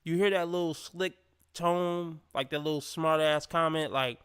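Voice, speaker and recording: Blunt profane man with a bright voice. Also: on the high side, steady tone, normal speed, clear, resonant tone. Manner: blunt and profane, mocks by quoting in a put-on voice. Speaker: livestream commentator. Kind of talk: reaction livestream commentary.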